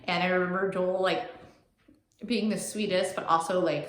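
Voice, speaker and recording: Speaking slowly in an echoey room, this young woman vlogger shares a personal story, chatty and emotional, with "like" peppered throughout. She has a fairly low pitch and a fairly bright tone.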